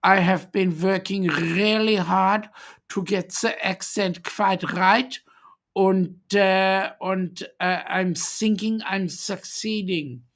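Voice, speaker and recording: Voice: mid-range voice, steady tone, fairly bright tone. A host putting on a jovial mock-German visitor. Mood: proud, jokey. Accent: German put-on. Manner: mock formal, slow, halting with fillers. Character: cheery German-accented guest character. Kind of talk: comic put-on accent in livestream chat.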